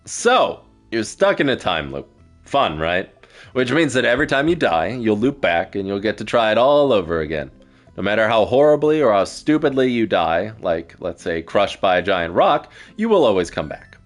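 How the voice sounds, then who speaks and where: A smug, all-knowing star creature who teases and drags its words out slowly, as a man puts it on. The voice sits a little low but swings widely in pitch, with faint music behind it. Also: sing-song. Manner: playful, smug, drawn-out. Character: teasing, all-knowing star being, nonbinary.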